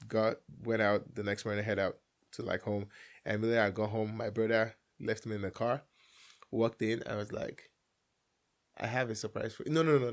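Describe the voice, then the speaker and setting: Young Nigerian man telling a story. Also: fairly low pitch. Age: young adult. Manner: animated storyteller, acts out family dialogue with laughs. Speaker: guest. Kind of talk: casual storytelling chat.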